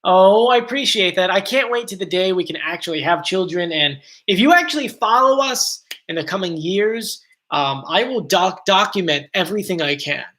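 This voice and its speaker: Bright-voiced man with a South Jersey-Philly accent. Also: sits high, animated, moderate pace, hardly any pauses. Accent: South Jersey and Philadelphia. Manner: chatty, rambling, reads out viewer comments. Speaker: live stream host. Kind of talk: casual live stream chat.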